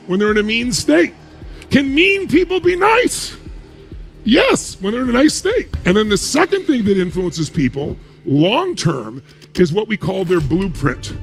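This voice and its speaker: A man giving a motivational talk, emphatic, asking rhetorical questions and answering them himself. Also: sits high. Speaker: motivational speaker.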